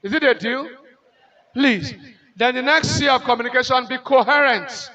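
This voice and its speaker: A Nigerian-accented man lectures in a very high, bright and forceful voice. He is emphatic, repeats his key lines slowly and keeps putting rhetorical questions to the audience. The sound is dull and lo-fi, like audio from an event video. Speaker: conference lecturer. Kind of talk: motivational lecture to nurses.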